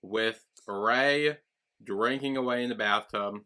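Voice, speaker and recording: A man's voice: takes it slowly, bright, forceful tone, smooth. A man co-hosting a podcast, casually recapping a TV episode and quoting its characters. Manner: retells scenes plot-style, quoting characters in a lowered voice. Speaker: podcast co-host.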